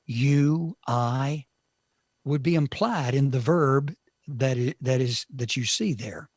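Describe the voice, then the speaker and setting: A man teaching from the Bible on a talk show, slow and emphatic, with dramatic pauses and sudden shifts in loudness. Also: fairly high pitch, slightly rough, no echo, clean studio sound.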